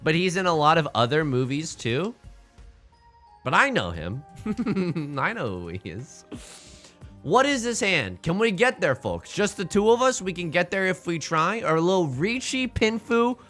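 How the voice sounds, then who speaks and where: A young man chatters through a game stream, his pitch bouncing all over in a lively, animated way. His voice is bright and forceful, and he rambles from one goofy joke to the next. Faint music plays underneath. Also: measured pace. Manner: rambling, goofy, jokey asides to chat. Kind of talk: casual live-stream chatter while playing mahjong.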